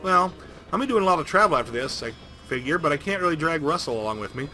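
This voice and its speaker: A man narrating a video game playthrough in a jokey, rambling, animated way. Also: on the high side, very fast, soft background music. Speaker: game streamer. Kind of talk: comedic let's-play narration.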